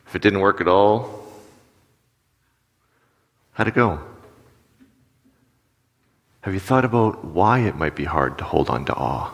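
A man preaching a sermon in a conversational way. He asks his listeners questions and turns animated when he acts out little stories. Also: deep voice, a little slow, long pauses. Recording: long reverb of a large hall.

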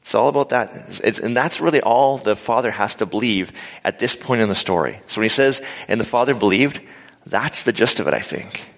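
A man's voice: fairly low pitch, brisk, creaky. A man preaching an informal sermon to a live audience, acting out quotes and making humorous asides. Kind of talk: conversational sermon. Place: large hall with a live audience. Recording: live sermon in a reverberant hall.

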